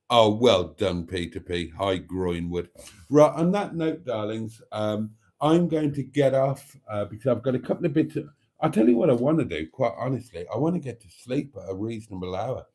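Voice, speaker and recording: A middle-aged man hosts a late-night live stream, reading viewers' comments aloud in a camp, chatty way. His voice is mellow and dark, at an ordinary pitch for a man. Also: lively intonation, moderate pace, slightly rough.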